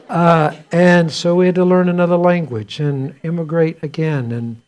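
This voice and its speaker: Conversational pastor, slightly higher voice. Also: male voice, normal speed, few pauses. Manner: conversational storytelling with restarts and swings in loudness. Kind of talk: sermon. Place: church.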